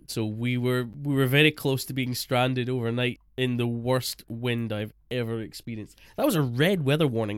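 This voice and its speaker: A man's voice: mid-range voice, smooth, no room sound, clean studio sound. A man co-hosting a casual podcast, chatting and laughing often, rambling with fillers. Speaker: podcast co-host. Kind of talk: casual chat.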